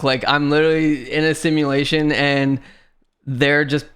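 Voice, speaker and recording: A man's voice: a little high, moderate pace, clear, resonant tone. A young man telling a frustrating story on a livestream, swearing often and laughing as he goes. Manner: swearing, animated retelling with laughs. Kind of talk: casual storytelling chat.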